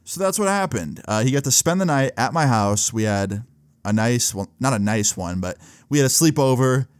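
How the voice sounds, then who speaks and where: A man's voice: medium pitch, expressive, moderate pace, clear, resonant tone, dry recording, clean studio sound. A young man casually telling a story from his teens, laid-back and loose, full of "like" and swearing. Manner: laid-back, filler-heavy with frequent "like" and swearing. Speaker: vlogger.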